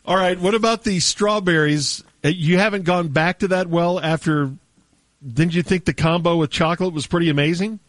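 A man's voice: sits high, normal speed, no echo. A man hosting morning radio, joking around and laughing often. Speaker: radio host.

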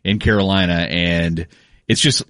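A man's voice: deep voice, fairly even intonation, normal speed, fairly bright tone, no room sound, clean studio sound. A man co-hosting a sports show, wry and explanatory in casual banter.

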